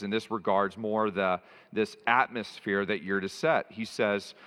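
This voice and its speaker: A man with a low voice preaches a sermon, stressing and repeating his key phrases. His voice rings out in a church hall with a long reverb trailing behind each line. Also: a bit bright. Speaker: pastor.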